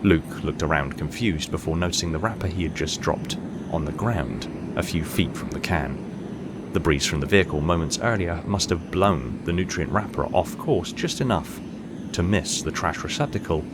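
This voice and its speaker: Deep-voiced male audiobook narrator. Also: heavy background noise. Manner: steady, measured storytelling.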